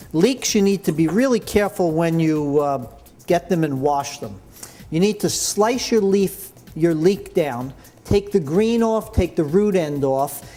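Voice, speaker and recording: A man's voice: fairly high pitch, a little mellow, a little hiss or hum. A man hosting a cooking show, chatting enthusiastically as he explains each step. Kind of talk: cooking demonstration.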